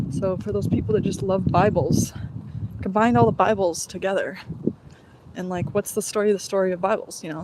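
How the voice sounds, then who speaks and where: A woman livestreams from her phone while out on a walk, chatting casually and wandering from thought to thought with the occasional sigh. Her voice is mid-range, and there's background noise.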